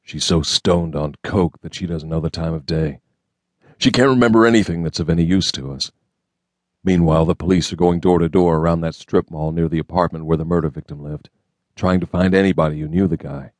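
A man voicing a grim, brooding male federal agent in an audiobook, gruff and clipped. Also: deep voice, fairly even intonation, a little fast, a little mellow, dry recording, close to an everyday voice. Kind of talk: audiobook character reading.

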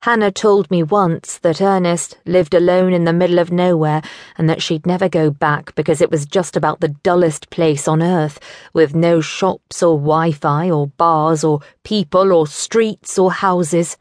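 A woman narrating a teen novel in first person, measured and wry. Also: lowish voice, steady tone, darkish tone, dry recording, studio quality. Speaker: audiobook narrator. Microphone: studio microphone.

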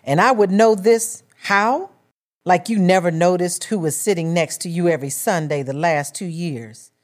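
A woman's voice: fairly low pitch, normal speed, a little mellow, natural voice. A woman narrator voicing a vain, secretive young woman who answers defensively.

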